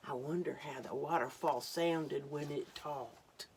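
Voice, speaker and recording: A woman reads a picture book aloud to children, slowly and gently. Her voice sits low, and she breaks off for warm exclamations to her young listeners. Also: breathy edge. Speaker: storytime reader.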